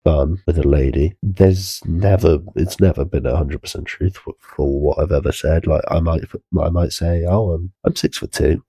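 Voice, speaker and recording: Gravelly low-voiced lad, rambling. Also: male voice, steady tone, normal speed, hardly any pauses, warm tone, dry recording, studio quality. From Worcester, English Midlands. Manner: rambling, swears a lot, laughs through anecdotes. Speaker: reaction streamer. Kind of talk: casual reaction commentary. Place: in bed at home. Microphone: headset.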